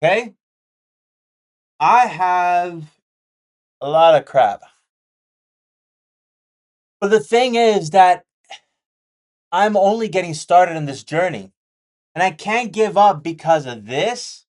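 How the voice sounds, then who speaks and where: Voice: medium pitch, expressive, slow pace, pauses often, darkish tone. A day trading vlogger talking candidly and casually, repeating key points and making jokey asides while sketching a chart.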